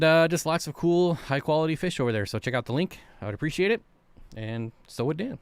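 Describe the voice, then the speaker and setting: A man's voice: a little high, clear, resonant tone, no echo. Chatty male live stream host. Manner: relaxed, chatty, reads chat aloud. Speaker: aquarium channel host. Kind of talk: casual live stream chat.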